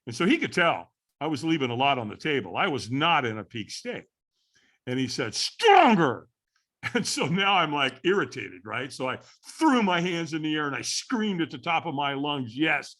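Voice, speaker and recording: A middle-aged man, a podcast guest, tells a story with animated repetition. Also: on the high side, normal speed. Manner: animated storyteller who repeats phrases for effect. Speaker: podcast guest, firewalking instructor.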